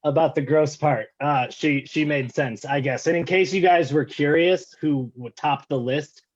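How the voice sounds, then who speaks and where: A man's voice: on the high side, normal speed. A man doing a stand-up set over a video call, self-deprecating and rambling with lots of filler words. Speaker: stand-up comedian. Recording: slightly dull lo-fi call audio.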